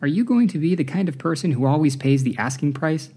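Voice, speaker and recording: A man's voice: mid-range voice, expressive, moderate pace, darkish tone, close to an everyday voice. Man voicing a stern shopkeeper mother. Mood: demanding. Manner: firm and commanding. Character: stern immigrant shop-owning mother, late forties.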